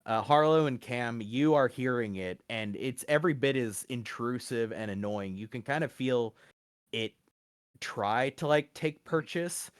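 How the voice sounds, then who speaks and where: A man narrating as game master, relaxed, with frequent fillers and easy laughs. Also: medium pitch, measured pace, clear, resonant tone, dry recording, clean studio sound.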